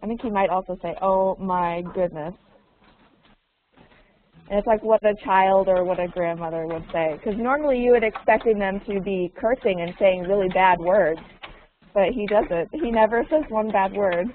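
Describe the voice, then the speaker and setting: Play a woman teacher on a narrow, phone-like video call with light hiss behind. Keep your pitch mid-range and stay patient, asking each question twice and sliding in the odd Russian word to explain. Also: a little fast. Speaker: English teacher. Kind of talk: online conversation lesson. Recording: tinny, narrow call audio with faint noise.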